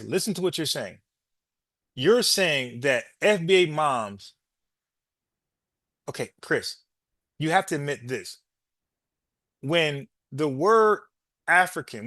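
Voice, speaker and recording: A man's voice: a little high, fairly bright tone, dry recording, studio quality. A man hosting a podcast, arguing with a caller, repeating his points and calling him bro. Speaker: podcast host. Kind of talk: heated call-in debate.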